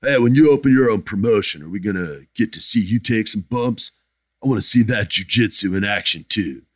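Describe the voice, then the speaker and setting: A man's voice: on the low side, brisk, no echo, studio quality, lightly acted. A man putting on a fan's voice to read out a listener's question eagerly. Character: eager male fan asking a question.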